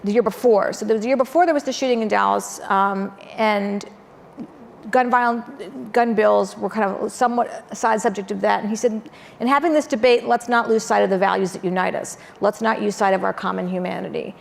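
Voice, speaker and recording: A woman's voice: medium pitch, fairly even intonation, fairly quick, vocal fry. A woman moderating a panel, framing her questions thoughtfully with frequent hesitations. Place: auditorium panel event. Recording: long hall reverb, faint room noise.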